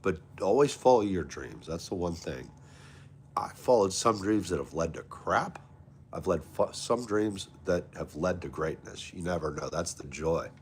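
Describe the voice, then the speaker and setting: A man's voice: low voice, expressive, moderate pace, slight background noise. A man hosting a casual livestream, greeting viewers by name and chatting with them in a friendly way. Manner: friendly, reads chat aloud and greets viewers. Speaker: livestream host. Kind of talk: casual live chat with viewers.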